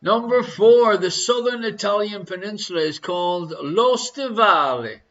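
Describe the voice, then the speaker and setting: A man's voice: high voice, expressive, normal speed, hardly any pauses, fairly bright tone, muffled recording. An Irish man hosting a live online quiz from his living room, reading questions and answers with a jokey, chatty manner. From Ireland. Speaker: quiz show host.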